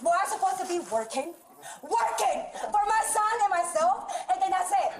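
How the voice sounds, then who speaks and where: A woman in a heated argument at an airport gate, shouting, swearing and repeating herself, caught on a phone recording. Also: very high voice, animated, normal speed, noisy background. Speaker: airline passenger in a dispute. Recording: echoey terminal phone recording.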